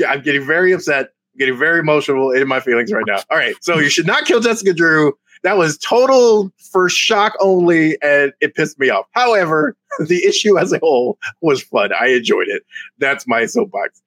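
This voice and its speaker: A man co-hosting a casual comic book chat, animated and quick to mock outrage, laughing often. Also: on the high side, no room sound. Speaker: comic book podcast co-host.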